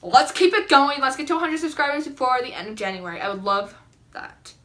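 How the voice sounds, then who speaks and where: A young woman vlogging to camera, telling a story in a chatty, excitable way with lots of "like" and dramatic reactions. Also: high-pitched, a little fast, noisy background. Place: indoors at home, seated.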